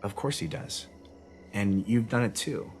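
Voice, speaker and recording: A man's voice: lowish voice, measured pace, a little mellow, soft background music. A man, a pastor, giving an earnest and conversational devotional sermon outdoors in his backyard at nightfall. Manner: reflective, conversational, earnest, with frequent restarts.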